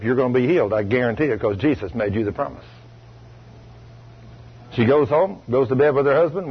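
A husky, fairly high-voiced man preaches a sermon in a folksy, storytelling way. He swings between loud, emphatic bursts and low, quiet asides. The recording sounds dull and lo-fi, like an old radio broadcast.

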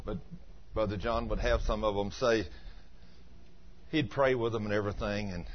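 A male pastor telling stories in an animated sermon, dropping to quiet asides and rising to loud emphatic peaks. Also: fairly low pitch, normal speed, slight background noise. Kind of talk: storytelling sermon. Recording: dull lo-fi sermon recording.

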